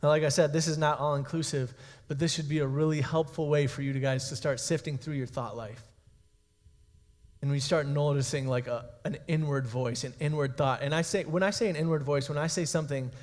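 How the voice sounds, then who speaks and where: Youth pastor preaching casually in a reverberant hall. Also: male voice, on the high side. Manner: casual, conversational preaching with frequent "okay?" and "guys". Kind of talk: youth sermon.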